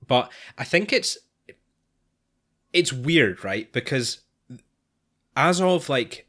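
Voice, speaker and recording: A man's voice: mid-range voice, lively intonation, extremely slow, fairly bright tone. A man co-hosting a podcast in casual chat, talking hesitantly with frequent restarts and sighs. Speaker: podcast co-host.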